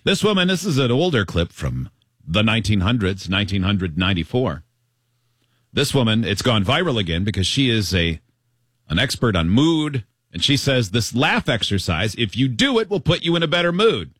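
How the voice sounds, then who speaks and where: Animated jokey male co-host. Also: lowish voice, normal speed, slightly rough, no echo, clean studio sound. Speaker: radio show co-host. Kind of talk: casual banter.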